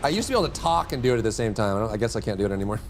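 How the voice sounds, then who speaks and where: Lively, jokey male livestreamer. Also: fairly low pitch, racing, slight background noise. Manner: rambling and jokey, chatting with teammates. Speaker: livestreamer and gamer. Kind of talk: casual live-stream chat while gaming.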